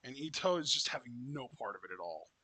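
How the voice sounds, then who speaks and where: A man's voice: mid-range voice, very animated, fast talker, bright, forceful tone, slightly rough. A man co-hosting a live wrestling reaction, playful and laughing as he calls the action.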